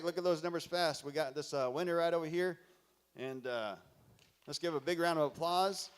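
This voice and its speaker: A man's voice: fairly high pitch, smooth. Hearty man emceeing a raffle. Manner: loud, hearty, calls out raffle numbers slowly. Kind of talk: conference emcee announcements. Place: large conference hall.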